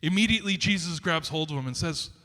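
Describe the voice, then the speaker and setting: A man preaching in a church sanctuary, his voice high and bright, carried by a long hall reverb. He speaks in an animated, conversational way, with restarts and asides to the congregation. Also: quick pace. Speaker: pastor. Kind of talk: sermon.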